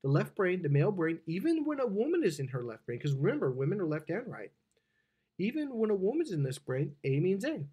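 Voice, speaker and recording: A man's voice: sits high, fairly quick, breathy edge. A dating and relationship coach, a man, giving a seminar talk to an audience and acting out the dialogue of the stories he tells. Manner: animated storyteller who acts out quoted dialogue. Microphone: wired microphone.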